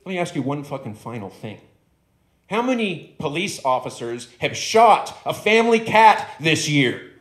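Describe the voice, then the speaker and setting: A man's voice: fairly high pitch, big pitch swings, moderate pace, fairly bright tone, pitched above the performer's own voice. A man on a comedy stage voicing an angry male dog who rants and lectures with a lot of swearing, in an echoey club room. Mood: ranting. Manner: aggrieved, profane, lecturing.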